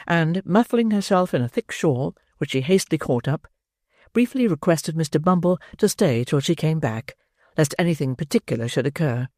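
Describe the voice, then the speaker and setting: An audiobook narrator reading a classic novel in a measured, expressive storytelling manner. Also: medium pitch, no room sound. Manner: measured, expressive storytelling with dry wry emphasis.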